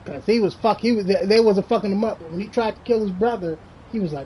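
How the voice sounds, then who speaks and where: A game streamer chatting casually and telling stories in an animated, rambling way, with lots of slang and swearing. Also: medium pitch, fast talker, a crowd in the background, rough recording. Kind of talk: casual chat while streaming.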